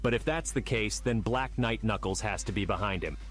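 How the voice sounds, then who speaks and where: A man's voice: fairly low pitch, fairly quick, soft background music, natural voice. A man voicing Knuckles the echidna as a cocky, boastful know-it-all in a comedic fan dub. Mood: smug. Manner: self-satisfied, bossy about decisions.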